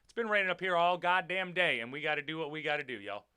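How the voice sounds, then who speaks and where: Man, wrestler host, casual stream talk; animated, crisp voice, jokey and profane. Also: fairly high pitch, fast talker, dry recording, clean studio sound. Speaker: wrestler hosting a livestream. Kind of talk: casual livestream chat reading comments.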